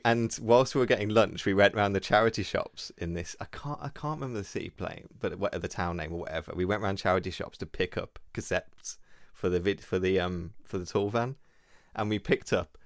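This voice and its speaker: A man, chatting casually and telling rambling, animated stories as a podcast co-host. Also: lowish voice, a little fast, hardly any pauses, dry recording, clean studio sound. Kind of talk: casual chat.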